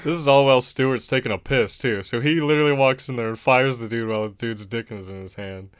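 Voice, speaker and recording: A man's voice: mid-range voice, fast talker, smooth, dry recording, studio quality. A young man co-hosting a casual chat, laid-back, slangy and joking. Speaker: podcast co-host.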